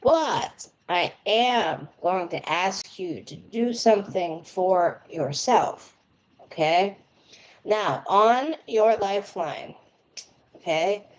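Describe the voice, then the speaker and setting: Slow, chatty American woman reading palms. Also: mid-range voice, animated, lo-fi sound. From United States. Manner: chatty, rambling, laughs often. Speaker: palm reader and tarot reader. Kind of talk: casual live-stream reading. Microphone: remote internet connection.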